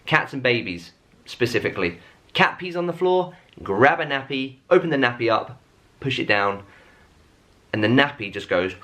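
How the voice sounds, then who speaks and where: Casting: male vlogger, thirties, bright forceful tone, chatty and self-deprecating. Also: mid-range voice. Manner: rambling, self-mocking, chatty with many fillers. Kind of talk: casual chat to camera. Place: at home.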